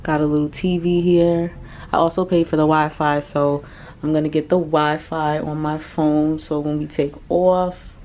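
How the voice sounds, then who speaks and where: A woman travel vlogger chatting excitedly to camera in a cruise ship cabin, repeating herself often. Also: sits low, moderate pace, a little hiss or hum. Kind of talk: casual chat to camera.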